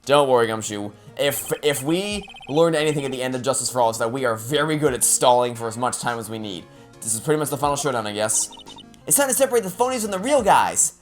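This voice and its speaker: A man's voice: mid-range voice, animated, fast, soft background music. Man reading game dialogue aloud. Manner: playful, joking asides. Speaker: let's play gamer.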